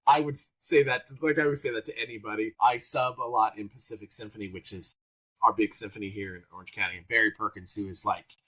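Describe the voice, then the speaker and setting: A man guesting on an interview podcast, telling lively anecdotes in a casual, excitable way. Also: on the low side, fast, husky. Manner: animated, excitable anecdotes with bursts of energy. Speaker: guest trumpeter. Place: works around Orange County, California.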